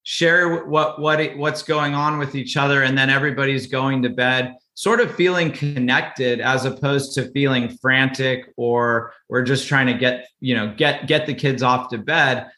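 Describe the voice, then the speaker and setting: A man speaking as a podcast guest, with a bright, forward tone. He talks in an easygoing way and often repeats words mid-thought. His voice rings around a noticeably echoey room. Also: medium pitch, fairly even intonation, unhurried, hardly any pauses. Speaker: podcast guest, parenting author. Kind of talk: casual interview talk.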